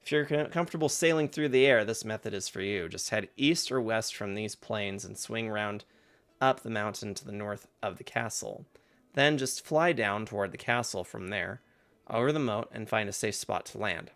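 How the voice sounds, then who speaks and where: A man's voice: on the low side, normal speed, fairly bright tone. A man reading as a chatty treasure collector. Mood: helpful. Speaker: streamer reading game dialogue.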